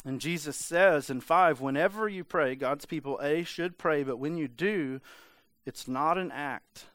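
A man's voice: on the high side, measured pace, a bit bright, no echo. A man preaching a casual, conversational sermon, full of "like" and playful mimicry of voices. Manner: conversational, lots of filler "like", mimics voices for humor. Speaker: pastor.

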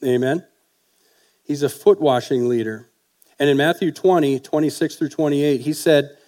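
A man's voice: a little high, steady tone, moderate pace, dark tone. A man preaching a sermon on marriage, talking in a folksy, conversational way and asking the congregation questions.

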